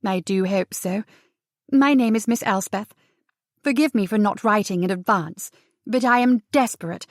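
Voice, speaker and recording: A woman's voice: medium pitch, normal speed, no room sound, close to an everyday voice. Casting: a woman playing a brash, cheeky young schemer in an audiobook, bold and breezy, dry close read.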